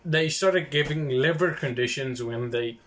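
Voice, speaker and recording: A man's voice: mid-range voice, unhurried, fairly bright tone, slight background noise. A man hosting a casual talk, retelling history loosely with asides, restarts and self-corrections.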